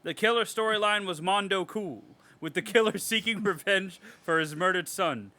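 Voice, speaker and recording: A man co-hosting a horror podcast, reading reviews aloud with animated, sarcastic commentary and frequent swearing. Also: sits high, moderate pace. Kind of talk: casual podcast chat.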